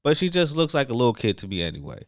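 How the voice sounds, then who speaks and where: Smooth-voiced young man rambling casually. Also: medium pitch, racing, no echo, clean studio sound. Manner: rambling, animated, lots of fillers and restarts. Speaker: podcast co-host. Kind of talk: casual chat.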